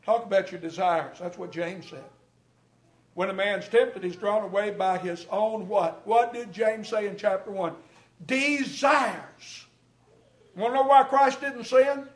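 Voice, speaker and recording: Male preacher, high voice, fiery sermon delivery, roomy hall sound. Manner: preaches with rising shouts and quick asides to the congregation. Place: church hall. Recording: echoey hall, mic at a distance.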